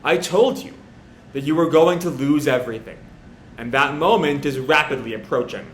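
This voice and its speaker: A man voicing a cold, taunting male alien being in a slow, low reading. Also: a little hiss or hum, close to an everyday voice. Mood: menacing. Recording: roomy echo.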